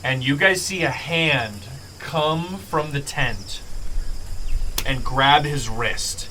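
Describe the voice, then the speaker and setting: A man running a tabletop game as game master, narrating in a casual, drawn-out way. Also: medium pitch, pushed and bright, slight background noise, low-quality recording.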